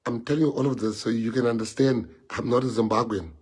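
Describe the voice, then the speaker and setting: A South African man with a husky voice speaks English as an Afrikaans native, at a middling pitch. He talks to his followers in an impassioned way and keeps repeating rhetorical questions. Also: steady tone, quick pace, a little mellow. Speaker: politician addressing followers. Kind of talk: emotional live-streamed monologue.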